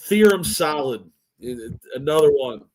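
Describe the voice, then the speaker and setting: A man's voice: on the high side, lively intonation, normal speed, a crowd in the background. A man co-hosting a bowling podcast in casual chat, with boastful, playful trash talk. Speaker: podcast co-host.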